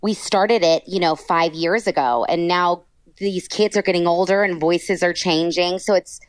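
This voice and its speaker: The recording is dry and clean, capturing a fairly low-pitched woman speaking at normal speed. She's a Texas voice actor being interviewed casually, gushing and bubbly with lots of "like."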